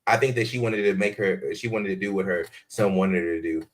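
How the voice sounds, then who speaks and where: Deep-voiced man chatting about reality TV. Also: fairly quick. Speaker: podcast co-host. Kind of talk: casual reality TV review chat.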